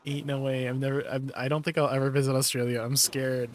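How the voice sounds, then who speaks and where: A man's voice: medium pitch, little pitch movement, quick pace, a little hiss or hum. A man streaming live and chatting casually with his viewers, laid-back and laughing often. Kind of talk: casual livestream chat with viewers.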